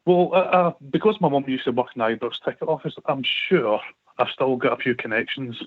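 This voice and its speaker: A Scottish man tells his stories earnestly, tripping over his words as he goes. His pitch is ordinary and the sound is dry and close. The recording is dull and lo-fi. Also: a little fast, no room sound. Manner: earnest, stumbling storyteller. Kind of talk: casual phone-in chat.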